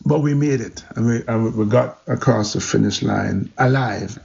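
A man recounts his story with animated energy and a gravelly edge to his voice, and it comes through a little dull and muffled. His pitch sits in an ordinary middle range. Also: moderate pace. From Jamaica. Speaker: interview guest. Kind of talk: storytelling interview.

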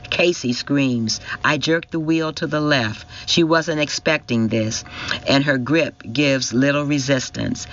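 Slow, intense male story reader. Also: mid-range voice, fairly bright tone, dull audio. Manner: emotional, intense reading. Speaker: audiobook narrator. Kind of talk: first-person story narration.

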